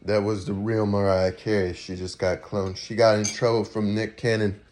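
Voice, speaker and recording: A man's voice: lowish voice, little pitch movement, normal speed, darkish tone, slight background noise. A man rambling through a casual, half-improvised monologue, drifting from one fanciful idea to the next and swearing mildly now and then. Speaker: vlogger.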